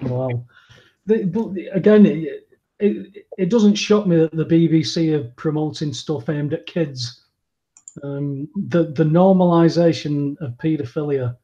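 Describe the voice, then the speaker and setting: A man's voice: fairly high pitch, warm tone. A man co-hosting a casual news talk show, giving blunt, outspoken commentary. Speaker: podcast co-host. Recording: dull lo-fi sound.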